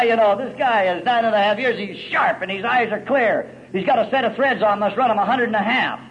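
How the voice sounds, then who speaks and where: A middle-aged man telling his story at a recovery meeting, gritty and folksy, swinging from loud to hushed. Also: high-pitched, dull audio, slight background noise.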